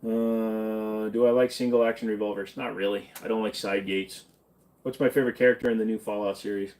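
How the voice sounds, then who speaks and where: A man's voice: on the low side, little pitch movement, a little fast, a little mellow. A man hosting a casual live-stream Q&A, reading chat questions and answering bluntly in an offhand drawl, tired and in pain. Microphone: desk mic, sitting farther back than usual.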